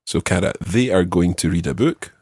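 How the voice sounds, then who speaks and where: A man teaching a language lesson, patiently quizzing a student and repeating each phrase clearly. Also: low voice, normal speed, darkish tone, no room sound, clean studio sound. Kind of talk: guiding a student through a spoken quiz.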